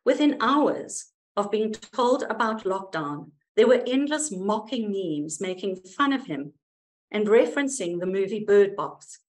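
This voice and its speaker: A woman psychoanalyst reading a prepared paper aloud in a measured, wry, expressive way. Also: mid-range voice, rough recording.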